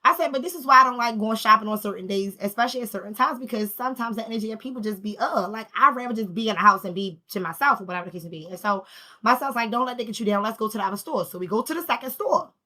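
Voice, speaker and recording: Woman, middle-aged, animated storyteller, bright voice, fairly high. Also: very fast. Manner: animated, acts out quoted people, laughs while telling. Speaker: spiritual vlogger. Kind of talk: casual storytelling rant.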